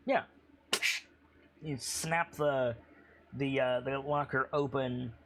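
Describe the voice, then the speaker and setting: A man's voice: mid-range voice, fairly even intonation, slow, background noise. A man narrating as game master, describing scenes loosely with many fillers.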